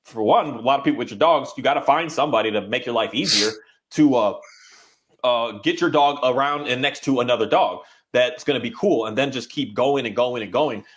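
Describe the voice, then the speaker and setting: A man who works as a dog trainer, talking in a casual, rambling and halting way, now and then voicing his dog's thoughts. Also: medium pitch, a bit bright. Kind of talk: casual conversation.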